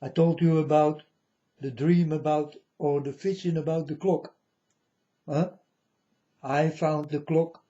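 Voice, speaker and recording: Slow, solemn man in a muffled recording. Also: steady tone. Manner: solemn, halting, repeats phrases, sometimes loud. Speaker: self-styled prophet. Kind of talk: religious monologue to viewers. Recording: muffled low-fidelity recording.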